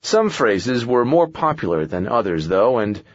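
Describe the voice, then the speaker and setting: Husky male audiobook narrator. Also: medium pitch, very animated, no room sound, muffled recording. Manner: measured storytelling. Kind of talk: scripted fantasy narration.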